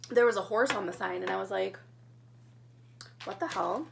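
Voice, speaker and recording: A woman's voice: mid-range voice, moderate pace, gravelly. A young woman telling a story in a casual mukbang vlog, chatting while she eats. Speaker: vlogger.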